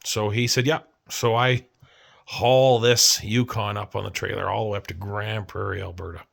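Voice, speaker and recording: A man's voice: fairly low pitch, little pitch movement, normal speed, gravelly. A man from Canada telling a rambling, profane story in a casual vlog, acting out the people he quotes. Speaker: vlogger.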